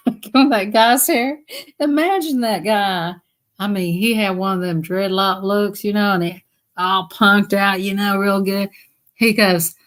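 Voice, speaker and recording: Chatty woman laughing through her stories. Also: mid-range voice. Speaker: live streamer. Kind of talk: casual storytelling chat.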